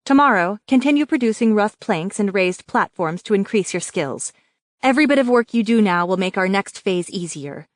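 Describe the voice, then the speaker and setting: A woman voicing a calm, commanding young woman who speaks reassuringly to her villagers. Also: medium pitch, moderate pace, no echo, studio quality, close to an everyday voice. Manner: steady, reassuring, authoritative.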